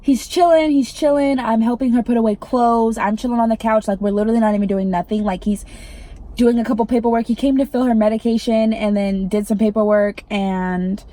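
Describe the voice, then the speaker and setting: Young woman, irritated, casual storytime vlogger, swears and says "like" a lot, slightly high pitch. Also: fairly even intonation, fairly quick, warm tone. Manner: irritated, swearing, heavy use of "like".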